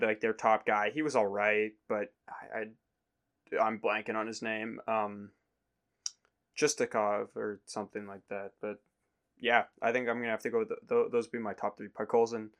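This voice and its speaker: A man's voice: fairly low pitch, a bit bright, clean tone. A man hosting a podcast, talking loosely and joking, with fillers and the odd swear. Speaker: podcast host. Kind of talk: casual sports chat.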